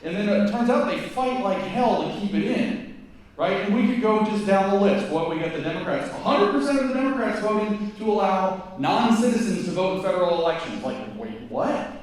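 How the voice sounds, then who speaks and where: A man with a somewhat high voice lectures a live crowd, talking emphatically and breaking off into quick asides. He sounds set back from the mic, and his words ring around a strongly reverberant hall. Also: lively intonation. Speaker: guest speaker. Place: event hall before a live audience. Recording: very echoey hall, mic at a distance.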